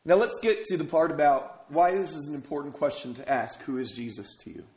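A man's voice: a little high, animated, fairly quick, a little mellow. A man from Minnesota preaching a sermon as pastor, telling stories conversationally and asking the congregation rhetorical questions. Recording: echoey room.

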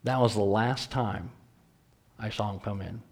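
A man's voice: on the low side, measured pace, darkish tone, husky. Man, preacher, church class lesson, conversational, repetitive emphasis.

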